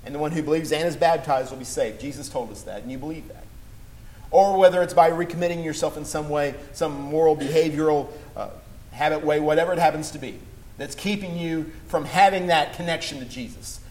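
A man delivers a sermon in a fairly high voice. He speaks earnestly, slowing down for scripture and rising into emphatic appeals to the congregation. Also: a little mellow, rough recording. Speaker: preacher.

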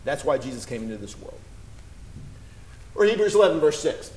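Earnest preacher, man with higher voice. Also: sing-song, brisk, long pauses, darkish tone, poor audio. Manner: earnest, rising to emphatic appeals. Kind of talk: sermon.

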